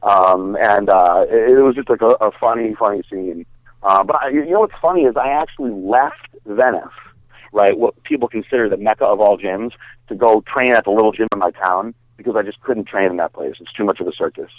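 A man's voice: on the low side, a little fast, no room sound. A man, a bodybuilder guest, telling a story in a casual, rambling way, full of fillers and swearing. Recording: dry, tinny phone-like sound.

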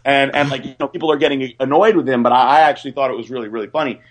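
A young man telling a story on a podcast in a rambling, excited way, full of fillers and restarts. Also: mid-range voice, racing. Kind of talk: casual storytelling.

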